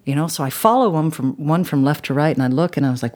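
A woman's voice: deep voice, lively intonation, fast talker, few pauses, a little mellow. A woman telling a personal story as a podcast guest. She talks in an earnest, rambling way with many "you know" asides. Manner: emotional, intense when recalling the crash.

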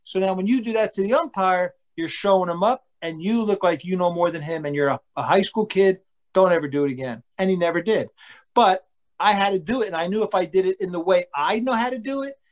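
This middle-aged man has a noticeably high speaking voice. He talks in a loose, rambling, animated way. He is a former ballplayer swapping stories in relaxed conversation. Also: a little fast. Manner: rambling, animated storyteller who acts out quotes. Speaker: former pro baseball pitcher and father. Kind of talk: casual chat.

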